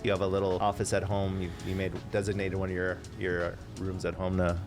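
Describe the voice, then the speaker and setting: A man as a podcast guest, explaining accounting matters in a relaxed way with lots of fillers. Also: deep voice, a little fast, music in the background. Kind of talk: casual podcast chat.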